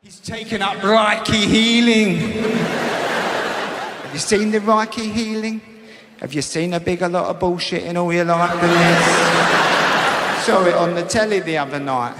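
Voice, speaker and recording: A man doing a brash stand-up routine on a comedy stage, breaking into loud put-on voices. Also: high-pitched, fairly even intonation, a little slow. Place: comedy venue stage with a live audience. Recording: echoey hall with loud audience laughter.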